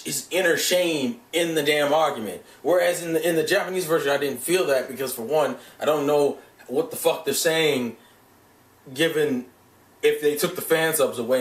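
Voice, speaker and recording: Young guy ranting hyped and sweary, kinda high voice, echoey room, mic a bit far off. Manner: profane, animated, gushing with restarts. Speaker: vlogger reviewing an anime dub. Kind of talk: casual excited rant.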